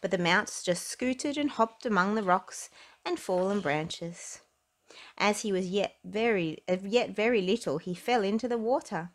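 A woman's voice: mid-range voice, measured pace. Woman reading a children's picture book. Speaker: storybook reader. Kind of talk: children's read-aloud narration.

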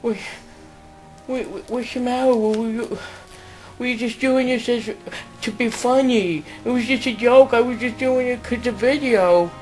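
A man's voice: a little high, normal speed, a little mellow, soft background music, lightly acted. A man voicing a sweet, simple-minded male sidekick who stammers like a child. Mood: apologetic.

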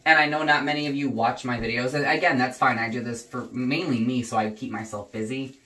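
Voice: mid-range voice, a little fast, far from the mic. A young adult vlogger talking casually and swearing heavily, ranting heatedly at home while dyeing their hair. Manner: profane, heated and animated ranting. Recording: roomy echo, voice away from the mic.

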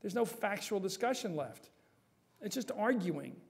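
A man answering audience questions at a forum, emphatic and animated, quick to joke. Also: sits high, vocal fry. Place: university forum hall.

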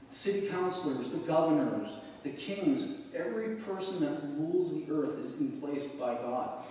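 A man's voice: fairly high pitch, a little mellow. A man preaching a sermon as pastor, reading scripture aloud and then explaining it in loose conversational asides. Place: church sanctuary. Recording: echoey church hall, mic at a distance.

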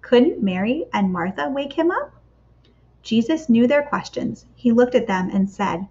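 A woman reading a picture book aloud to children for a church kids' club, with expressive, measured storytelling and dramatic pauses. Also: on the high side. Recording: slightly dull lo-fi recording.

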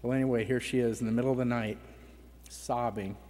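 A man's voice: mid-range voice, fairly even intonation, fairly quick, a little mellow. Middle-aged man telling a story in a reverberant hall. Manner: conversational, acts out family dialogue. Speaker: conference speaker. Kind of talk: personal testimony storytelling. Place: conference hall. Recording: reverberant hall with faint background noise.

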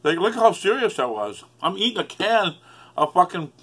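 Bright-voiced rambling man vlogging. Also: sits high, sing-song, moderate pace, slightly rough. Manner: rambling, emotional, swears a lot. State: upset, near tears. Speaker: YouTuber. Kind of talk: rambling solo vlog.

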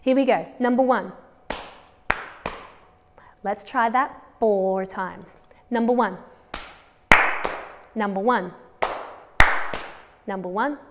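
A woman's voice: mid-range voice, takes it slowly, pauses often, in a large hall, very noisy. A woman with an Australian accent teaching a children's music lesson, counting patterns aloud and encouraging the class.

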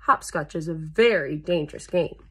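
A woman's voice: low voice, normal speed, fairly bright tone, slightly rough. A woman reading a children's picture book aloud at storytime, adding playful sound effects and chatting to young listeners between pages.

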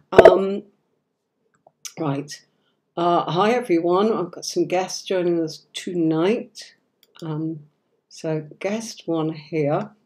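A woman with a cold hosts a live tarot stream, her voice hoarse and on the low side. She chats affectionately with viewers while sorting out the software.

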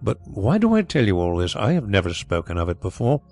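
A man voicing a proud, brisk former solicitor who talks bluntly and bristles quickly. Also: on the low side, huge pitch swings, darkish tone, faint music behind.

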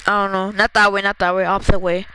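A gamer chatting casually during a match, excitable and quick to laugh, giving a teammate quick instructions. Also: medium pitch, slight background noise, rough recording. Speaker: gamer playing with a friend. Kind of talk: casual gameplay chat.

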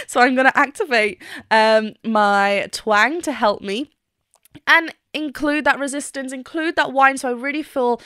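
A woman vocal coach talks through a performance she is reacting to, eager and full of praise, and often sings short phrases to show a technique. Her speaking voice sits a little high. The sound is close and dry, with no room around it. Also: measured pace, pushed and bright, no echo. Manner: enthusiastic, demonstrates notes by singing snippets. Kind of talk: reaction video with vocal analysis.

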